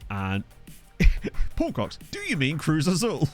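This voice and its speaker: A man's voice: on the high side, huge pitch swings, slow pace, soft background music. A man casually commentating a football management game on stream, chatting with viewers and laughing often. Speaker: gaming streamer. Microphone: USB desk microphone.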